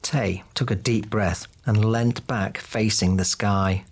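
A man narrating a fantasy audiobook in a steady, even way. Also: on the low side, takes it slowly.

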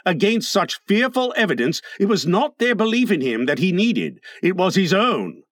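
A man narrating a storybook in an expressive, dramatic reading. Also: sits high, normal speed, dry recording, clean studio sound. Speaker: audiobook narrator.

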